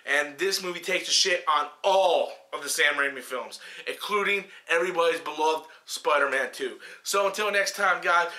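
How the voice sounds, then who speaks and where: A man's voice: fairly high pitch, moderate pace, few pauses, pushed and bright, echoey room. A man giving a heated, profanity-laden film review, emphatic and fired up. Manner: heated, emphatic, swears a lot.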